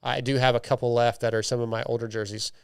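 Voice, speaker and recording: A man's voice: mid-range voice, level tone, quick pace, vocal fry, clean tone, no echo, clean studio sound. A man hosting a podcast, chatting casually and reading listener emails in a loose, joking way with lots of restarts. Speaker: podcast host.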